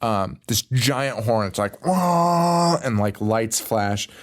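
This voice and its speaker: A man's voice: medium pitch, expressive, slow. Laughing, profane man recapping a movie. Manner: rambling, laughing, acts out lines from the film. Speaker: podcast co-host.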